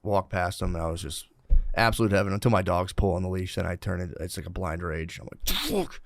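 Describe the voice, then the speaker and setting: Man, 30s, podcast co-host, fast talker, profane storyteller, dry close sound. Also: sits low, steady tone, vocal fry, dry recording. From Philadelphia area. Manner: profane, storytelling, bursts into yelling impressions. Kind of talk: casual chat.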